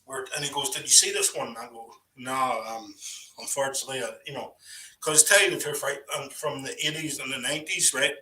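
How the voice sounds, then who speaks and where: A rambling man spinning stories in a loose, casual chat, his voice bright and sharp-edged. He sits back from the mic, so he sounds distant in a roomy, echoing space. His sentences loop back on themselves, full of "you know" and "right". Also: mid-range voice, brisk. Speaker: guest storyteller on a live voice chat.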